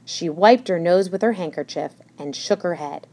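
A woman narrating a children's storybook in a gentle storytelling manner. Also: on the low side, moderate pace. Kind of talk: scripted narration.

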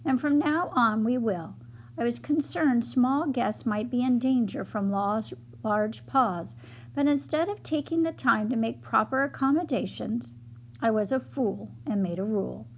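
A stern, commanding badger who manages a storybook hotel, as a woman reading aloud puts him on. He speaks slowly and firmly, weighing each word, and expects to be obeyed. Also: on the high side, husky. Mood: remorseful.

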